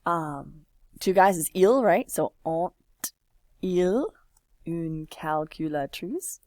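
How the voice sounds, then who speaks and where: A woman's voice: on the low side, lively intonation, darkish tone, no echo, studio quality. A woman teaching a French lesson, patiently walking a class through examples while typing and encouraging answers. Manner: patient, encouraging, slow and drawn-out.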